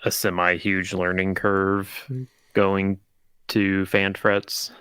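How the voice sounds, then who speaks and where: A man's voice: low voice, completely flat delivery, slow pace, a bit bright, clear, resonant tone, no echo. A man co-hosting a podcast, chatting casually with short laid-back replies. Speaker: podcast co-host. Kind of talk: casual chat.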